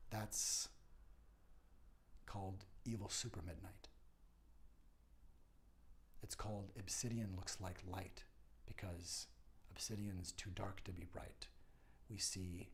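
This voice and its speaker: A man delivering an impassioned spoken-word meditation, dropping to whispers and rising to shouts. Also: low-pitched. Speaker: monologue speaker.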